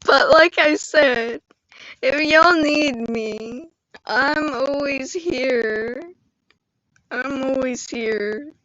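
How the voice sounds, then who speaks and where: Young woman, live streamer, high voice, unhurried, congested, emotional squealing, casual chat. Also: fairly bright tone, no echo, highs cut off. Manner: emotional, squealing in high-pitched bursts while laughing. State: congested from allergies. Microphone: phone or computer mic.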